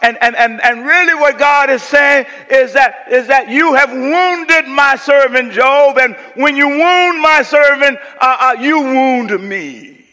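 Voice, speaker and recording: High, bright-voiced preaching man. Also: slow pace, hardly any pauses. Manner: emphatic preaching with call-and-response, stammering restarts. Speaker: pastor. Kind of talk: sermon. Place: church sanctuary. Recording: long church hall reverb.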